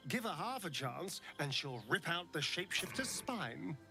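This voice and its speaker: A man's voice: a little high, big pitch swings, normal speed, vocal fry, bright, forceful tone, soft background music, full character voice. An actor playing a sly male companion who speaks with wry admiration.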